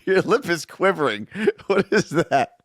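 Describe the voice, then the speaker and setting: A man's voice: high voice, big pitch swings, measured pace, dry recording, clean studio sound. A man co-hosting a casual show, teasing his co-host with wry remarks. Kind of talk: casual chat.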